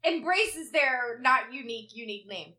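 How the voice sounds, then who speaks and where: Bright-voiced woman telling a story. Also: fairly high pitch, moderate pace. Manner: swears freely, animated storytelling. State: tired. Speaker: podcast co-host. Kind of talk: casual chat.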